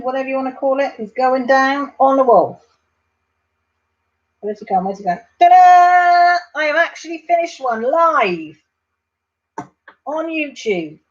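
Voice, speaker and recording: A woman's voice: sits high, muffled recording. A woman hosting a casual craft livestream, chatting and reading out viewer comments. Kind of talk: casual live chat while crafting.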